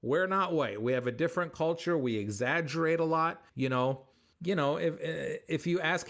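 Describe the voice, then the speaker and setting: A comedian man answering interview questions with animated, joking stories, acting out bits of dialogue. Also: on the high side, moderate pace. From United States. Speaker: comedian guest.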